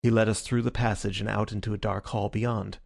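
A man narrating an audiobook in a steady, even reading style. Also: on the low side, a little fast, gravelly, dry recording, studio quality.

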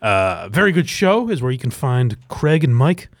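Rambling podcast host, dry close sound. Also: male voice, mid-range voice, big pitch swings, normal speed, no echo. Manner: rambling, laughing, many fillers. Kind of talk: casual podcast chat.

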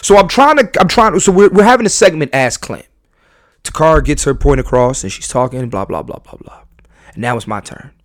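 A man's voice: animated, a little fast, no echo, clean studio sound. Emphatic man hosting a candid podcast. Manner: emphatic, repeats and restarts phrases; swings between loud bursts and low, quiet asides. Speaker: podcast host.

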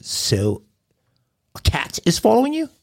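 A curt British emergency dispatcher, dry and unimpressed, turning every statement into a sarcastic question, as a man puts on the accent. The voice is a little husky and swings up and down in pitch, mock-polite and clipped. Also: wildly swooping pitch, measured pace, full character voice. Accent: put-on British.

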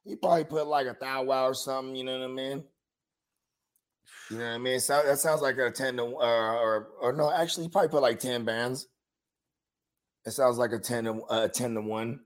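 A man co-hosting a casual sports podcast, talking loudly and profanely, telling animated stories with acted-out quotes. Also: mid-range voice, a little fast. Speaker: podcast co-host.

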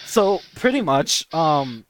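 A young woman co-hosting a podcast, telling a story in a casual, animated way, swearing and acting out voices. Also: low-pitched, takes it slowly, a little hiss or hum. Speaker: podcast co-host.

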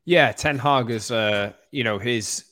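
A man co-hosting a casual football podcast, speaking hesitantly with pauses and fillers. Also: medium pitch, fairly bright tone. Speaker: podcast co-host.

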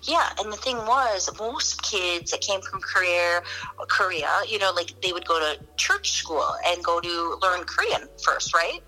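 Animated, bright-voiced woman comedian. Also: lowish voice, measured pace, faint music behind, low-quality recording. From Chicago, US. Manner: animated storyteller, acts out quotes, swears freely. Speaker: comedian, podcast guest. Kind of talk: casual podcast chat.

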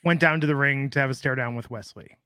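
A man's voice: mid-range voice, fast talker, pushed and bright, a little hiss or hum. A man in his thirties co-hosting a casual podcast, rambling and thinking aloud with fillers. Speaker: podcast co-host. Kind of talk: casual wrestling podcast chat.

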